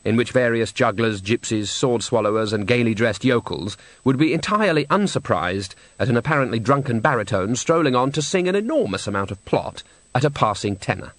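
A male audiobook narrator with a wry, expressive delivery. His pitch is middling but moves around a lot as he tells the story. The recording is dry and close. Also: brisk, dry recording. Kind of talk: scripted narration.

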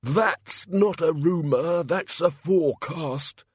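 A man voicing a fat, queasy male god of indigestion who mumbles slowly in a pained way. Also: on the high side, husky, no room sound, studio quality, pitched above the performer's own voice.

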